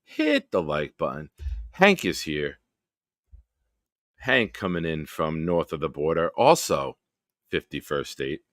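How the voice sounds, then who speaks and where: A man's voice: very deep voice, very animated, takes it slowly, long pauses, dry recording, studio quality. A man hosting a football fan livestream from his basement, rambling and swearing casually. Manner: rambling and profane. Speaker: host of a football fan show. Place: home basement.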